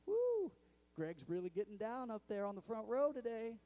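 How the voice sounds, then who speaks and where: Male pastor doing God: fatherly, upbeat, cheering, a bit higher. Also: a little fast, mellow, close to an everyday voice. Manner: upbeat and encouraging.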